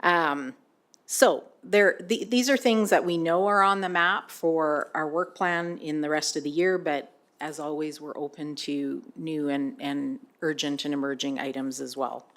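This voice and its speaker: A woman's voice: low-pitched, steady tone, measured pace. A woman presenting a board update to a council meeting, speaking hesitantly with many fillers. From Canada.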